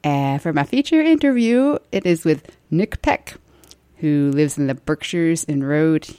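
A woman's voice: low-pitched, a little mellow, no room sound. A woman hosting a live community radio show from the studio, talking in a chatty, rambling way that often breaks off and restarts. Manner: rambling, self-interrupting, chatty.

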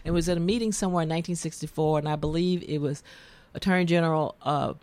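A woman's voice: low-pitched, steady tone, quick pace, a little mellow, no room sound. A middle-aged woman with a Southern US accent, hosting a casual radio talk show and telling stories in a tangential, emotional way. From American South.

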